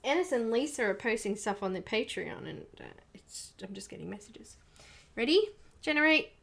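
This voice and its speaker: A woman hosting a live coloring stream, murmuring quietly to herself as she works and chatting casually with viewers. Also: mid-range voice, animated, brisk, creaky, breathy edge. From Australia. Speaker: livestream host.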